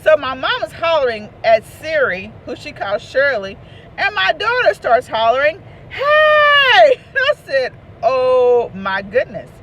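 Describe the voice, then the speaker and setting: Woman, high lively storyteller voice, faint traffic behind. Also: a little slow. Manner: animated, hollers out quoted voices and laughs. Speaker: author and motivational speaker. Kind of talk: casual storytelling.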